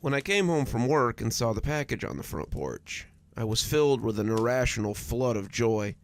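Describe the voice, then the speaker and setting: A man narrating scripted horror stories in an expressive, dramatic manner. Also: medium pitch, normal speed, no room sound.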